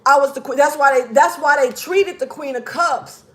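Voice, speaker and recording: A woman giving a casual tarot reading, blunt and profane, emphatic, dropping to low mutters. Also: normal speed, fairly bright tone. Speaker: tarot reader.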